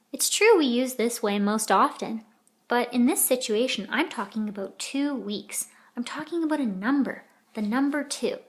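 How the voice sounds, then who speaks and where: A woman teaching a children's editing lesson, patiently sounding out letters and words. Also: fairly high pitch.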